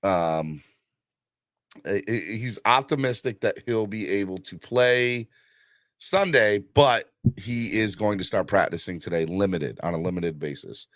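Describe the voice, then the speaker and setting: A man's voice: lowish voice, measured pace, fairly bright tone, no echo, clean studio sound. A man hosting a casual live-stream sports chat, hyped up, rambling with fillers and pushing viewers for likes and donations. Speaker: livestream host.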